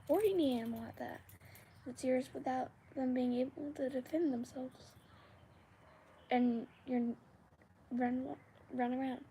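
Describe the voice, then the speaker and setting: A young woman with a high, mellow voice hosts a casual live Q&A, rambling to her viewers at an unhurried pace. She sometimes slips into a whisper mid-thought. A faint background noise sits under her voice. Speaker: livestream host.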